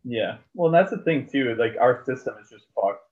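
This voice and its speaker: Guy, mid-pitch, chatty sports co-host, rambles and swears, tinny phone-line sound. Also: animated, normal speed. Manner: rambling, swears freely, lots of fillers. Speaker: podcast co-host. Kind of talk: casual sports chat.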